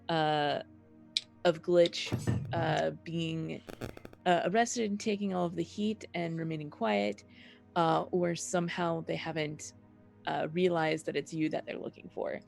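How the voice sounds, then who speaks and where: A woman with a low, gravelly voice, running a tabletop game slowly and loosely, with lots of fillers. Faint music plays under her narration. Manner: slow, many fillers, friendly teasing. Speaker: game master.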